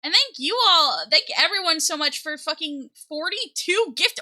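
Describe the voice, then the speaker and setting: A woman's voice: very high-pitched, lively intonation, normal speed, few pauses, pushed and bright. A young woman streaming as a VTuber, chatting casually with her viewers, giggly and flustered, teary and close to crying. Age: young adult. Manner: giggly, flustered, thanks chat often. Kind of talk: casual live-stream chat.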